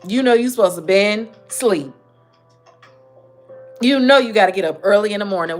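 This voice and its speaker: A woman's voice: medium pitch, normal speed, pauses often, faint music behind. A woman hosting a mental health talk, speaking emphatically and directly to her listeners. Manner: emphatic, preachy, talks straight to listeners. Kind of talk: casual motivational talk.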